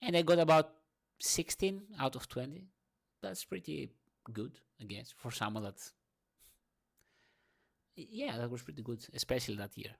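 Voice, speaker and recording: A young man ranting through a morning monologue in his second language. He swears freely and swings between loud outbursts and low murmurs. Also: expressive, normal speed, gravelly, long pauses, slightly rough. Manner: speaks English as a second language. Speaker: vlogger.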